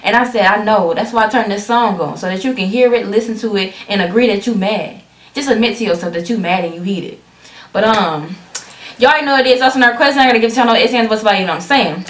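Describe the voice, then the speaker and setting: A woman reacts to a music video for her viewers in a chatty, excitable way, speaking straight to them and often stumbling into restarts. Her voice sits at an ordinary middle pitch, and the room around her sounds echoey. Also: fast talker. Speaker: reaction vlogger. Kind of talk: casual chatty video commentary.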